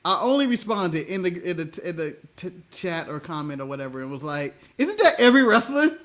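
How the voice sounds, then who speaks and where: A man's voice: a little high, fairly quick, a bit bright. An American man co-hosting a casual wrestling review chat, blunt and often laughing as he talks. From United States. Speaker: co-host.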